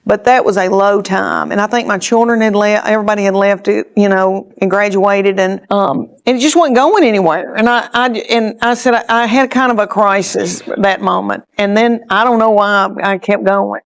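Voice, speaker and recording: A woman's voice: medium pitch, fairly even intonation, normal speed, gravelly, few pauses. Chatty woman comedian. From Tennessee, USA. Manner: chatty, rambling, with many restarts. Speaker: stand-up comedian. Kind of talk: interview storytelling.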